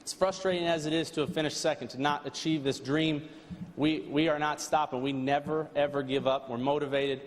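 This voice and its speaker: A man, a race car driver, giving an earnest, halting thank-you speech at an awards banquet. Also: fairly high pitch, fairly even intonation. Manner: earnest, halting, with frequent restarts and fillers. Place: large banquet hall. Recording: long hall reverb, faint background noise.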